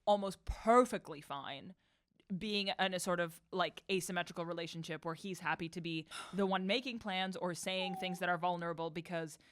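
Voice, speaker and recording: A woman's voice: fairly low pitch, steady tone, normal speed. A woman co-hosting a podcast in casual chat about a TV show, echoing her partner's words and then laying out longer analytical takes. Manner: chimes in with repeated agreement, then gives long analytical takes. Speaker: podcast co-host.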